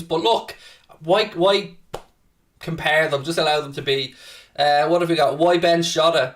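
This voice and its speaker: A man hosts a casual live football watchalong, chatting with viewers, reading their messages aloud, and swearing freely when he gets worked up. His voice is fairly high and a bit bright, picked up by a distant mic.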